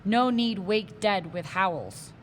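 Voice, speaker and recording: A woman's voice: mid-range voice, lively intonation, slow pace, slight background noise. A woman reading aloud, voicing a tiny stern warrior toy come alive as a grown man, speaking in clipped broken phrases. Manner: clipped broken speech, commanding.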